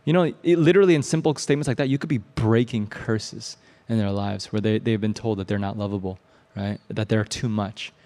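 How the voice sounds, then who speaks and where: A man from the Midwestern United States preaching a sermon in a casual, animated storytelling style, often asking "right?" and using fillers. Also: on the low side, brisk. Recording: long hall reverb.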